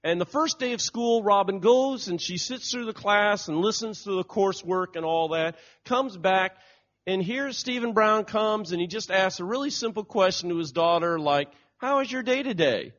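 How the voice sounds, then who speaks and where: A man preaching a sermon, telling stories in a lively way and acting out the quotes. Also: high-pitched, normal speed. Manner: storytelling, animated, acts out quotes. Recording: dull lo-fi recording.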